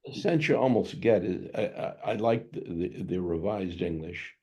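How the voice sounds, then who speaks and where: A man taking part in a study group, paraphrasing passages with lively emphasis. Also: low-pitched, moderate pace, slightly rough. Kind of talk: casual discussion.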